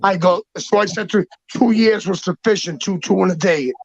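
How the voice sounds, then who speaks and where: A man telling rough personal stories in a loud, profane, emphatic way, often restarting his sentences. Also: high-pitched, a little fast, no room sound. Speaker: guest. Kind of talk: casual storytelling. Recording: dull, dry lo-fi sound.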